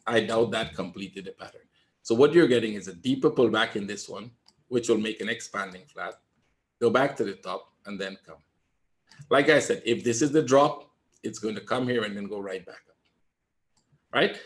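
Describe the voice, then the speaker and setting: A man giving live trading commentary in a webinar, calm and reassuring, repeating his points and often asking "right?". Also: mid-range voice. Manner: emphatic, talks straight to viewers. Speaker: trader teaching a webinar.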